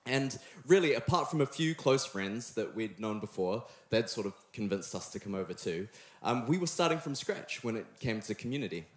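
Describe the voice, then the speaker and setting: A man's voice: on the low side, lively intonation, moderate pace, hardly any pauses. Young New Zealand man preaching, chatty and playful with the crowd, reverberant church hall. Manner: friendly, joking, chatty with the room. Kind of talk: sermon. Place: church hall before a live congregation.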